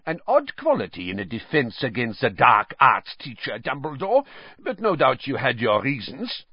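A man's voice: mid-range voice, huge pitch swings, moderate pace, breathy edge, no room sound, pitched above the performer's own voice. A man voicing a cold, sneering male headmaster who speaks with mocking politeness, on slightly dull audio.

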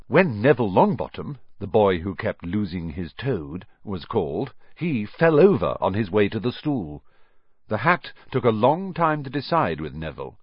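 A man reading a children's novel aloud as an audiobook, telling the story in an animated way and voicing the characters. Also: lowish voice, normal speed, slightly rough, no room sound. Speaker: narrator. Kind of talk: audiobook narration. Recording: dull lo-fi dry recording.

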